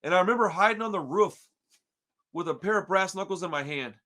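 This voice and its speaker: A man from Texas spins a story in casual podcast chat with a fairly high, forceful and bright voice. He is slangy and animated, and he leans on dude and bro at almost every turn. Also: quick pace. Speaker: podcast co-host.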